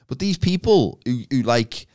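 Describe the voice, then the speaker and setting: A man's voice: medium pitch, lively intonation, measured pace, a little mellow, dry recording, studio quality. A middle-aged man, co-hosting a casual podcast chat, swearing freely and laughing often. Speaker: podcast co-host.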